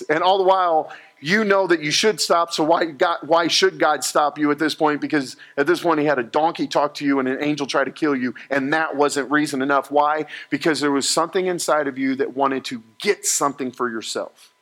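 A man preaching a sermon to a live congregation, telling a story in an animated, joking way and jumping between quoted voices. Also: fairly high pitch, brisk, hardly any pauses.

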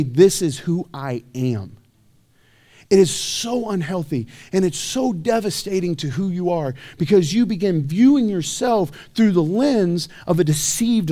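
Male pastor, fairly high voice, casual preaching full of rhetorical questions. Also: a little mellow. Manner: conversational, self-deprecating, rhetorical questions. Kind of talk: sermon. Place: church.

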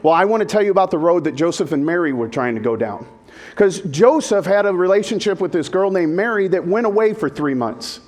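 A man's voice: sits high, lively intonation, brisk, a little mellow. A male pastor giving a humorous sermon, talking in a jokey, conversational way and putting questions to the congregation.

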